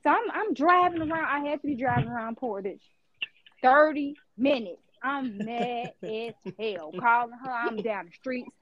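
A woman with a high voice tells a story animatedly on a podcast, laughing as she goes and swearing freely. The recording sounds dull and lo-fi. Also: normal speed, fairly bright tone, slight background noise. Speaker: podcast co-host. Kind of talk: casual storytelling chat.

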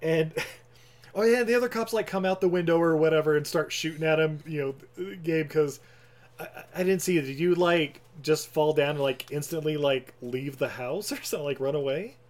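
A man's voice: fairly high pitch, moderate pace, darkish tone. A man casually recapping a movie plot as a podcast co-host, rambling with lots of fillers and frequent laughter. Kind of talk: casual chat.

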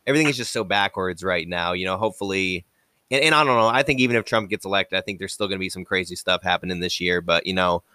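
A man hosting a casual talk show, speaking haltingly with many restarts and frequent agreement. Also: sits low, pushed and bright, dry recording. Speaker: podcast host. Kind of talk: casual chat.

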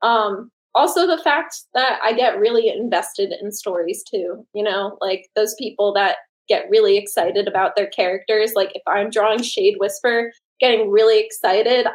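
A woman's voice: mid-range voice, normal speed, rough recording. A woman in her late twenties, an artist and teacher, talking earnestly and enthusiastically in an interview, with many fillers and restarts. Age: late 20s. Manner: laughs often. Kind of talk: podcast interview.

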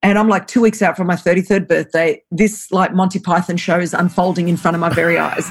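An Australian woman in her forties, a guest telling a personal story in an interview, lively and laughing, acting out voices as she talks. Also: lowish voice, brisk.

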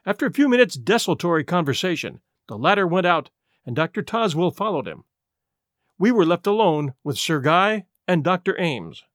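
A man narrating a detective story in the first person, reading in an expressive, animated way. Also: high-pitched, normal speed, no room sound, studio quality. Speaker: audiobook narrator.

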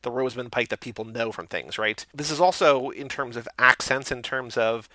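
Man, quick rambling movie chat, bright tone, dry close sound. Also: mid-range voice, no echo. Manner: fast, rambling, heavy use of "like". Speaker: podcast co-host. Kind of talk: casual movie review chat.

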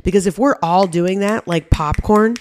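A woman's voice: mid-range voice, normal speed, a little mellow. A pregnant woman hosting a podcast, speaking in a candid, conversational monologue with casual swearing. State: heavily pregnant. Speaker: podcast host.

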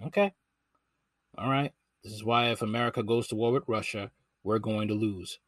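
A man's voice: fairly low pitch, steady tone, moderate pace, dry recording, studio quality. A man giving casual reaction commentary, incredulous and slangy in his delivery. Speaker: commentary host.

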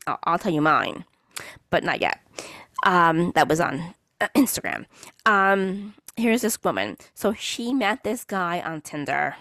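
Female podcast host, mid-pitch, dry close sound, sarcastic and laughing storyteller. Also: fairly bright tone, dry recording. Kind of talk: casual chat.

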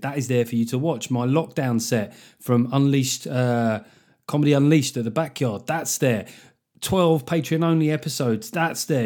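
A man's voice: mid-range voice, warm tone. A British man hosting a podcast, talking casually and sardonically, with a chatty flow and free swearing. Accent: British English. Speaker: podcast host. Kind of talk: casual comedic monologue.

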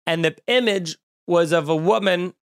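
A man hosting a podcast, going on an animated, exasperated comedic rant full of cursing. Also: high voice, moderate pace, smooth, no echo, clean studio sound. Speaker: podcast host. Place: room at home with windows open.

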